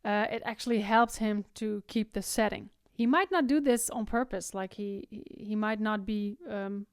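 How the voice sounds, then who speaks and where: A woman teaching singing, explaining technique and breaking into loud, high vocal exercises between her explanations. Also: moderate pace, clean tone, no echo, clean studio sound. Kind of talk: vocal tutorial with sung demonstrations.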